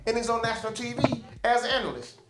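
A man's voice: very high voice, fast, fairly bright tone, soft background music. A man co-hosting a podcast, joking and sarcastic as he tells a story. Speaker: podcast co-host. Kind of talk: casual opinionated chat. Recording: echoey room.

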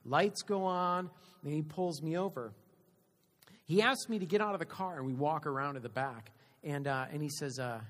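A man's voice: on the high side, very animated, normal speed. Man preaching a story-driven sermon. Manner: storytelling, swings between loud and quiet. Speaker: pastor.

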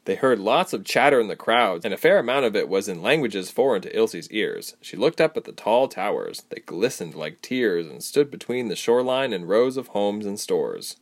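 A man's voice: lowish voice, normal speed, few pauses. A man narrating a fantasy novel as an audiobook, telling it expressively. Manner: expressive storytelling.

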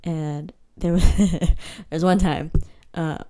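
Lower-voiced young woman telling animated stories. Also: slow. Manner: animated storyteller, laughs often, acts out voices. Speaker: podcast co-host. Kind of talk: casual chat.

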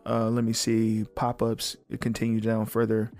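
A young man hosting a casual solo podcast, blunt and animated, swearing freely as he comments. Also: fairly low pitch, moderate pace, few pauses, dry recording. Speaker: podcast host.

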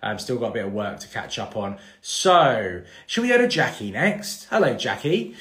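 A man's voice: medium pitch, sing-song, normal speed, a bit bright. A man, hosting a casual live-stream Q&A about mortgages and rambling through fillers and restarts. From England. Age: 30s. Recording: echoey room.

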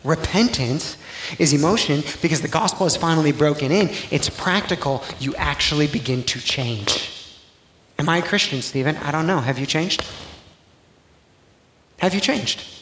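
A pastor preaching a sermon in a casual, conversational way that builds to loud, emphatic passages. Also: male voice, fairly high pitch, normal speed. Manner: conversational preaching, rising to near-shouting emphasis. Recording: echoey live church sound, faint noise.

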